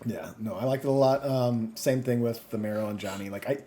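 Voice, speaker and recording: A man co-hosting a casual video game podcast, talking fast and excitedly and swearing freely. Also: mid-range voice. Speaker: podcast co-host.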